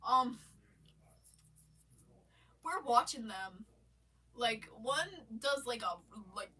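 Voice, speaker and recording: A woman telling a rambling story on a live stream, casual and animated, swearing and laughing often. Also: a little high, slightly rough. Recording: voice a bit far from the mic.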